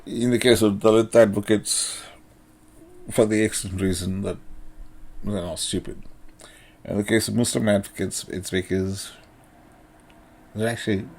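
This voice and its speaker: A man's voice: lowish voice, steady tone, measured pace, vocal fry, long pauses, darkish tone, slightly rough. A middle-aged man from India giving a blunt, sardonic monologue commentary, profane and full of fillers. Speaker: political commentator.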